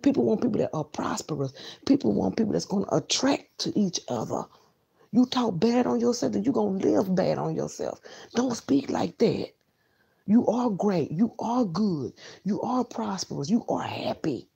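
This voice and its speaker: A woman's voice: mid-range voice, sing-song, normal speed, gravelly, warm tone, breathy edge, highs cut off. A woman, bluntly lecturing her viewers in a motivational rant and repeating lines for emphasis. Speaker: vlogger.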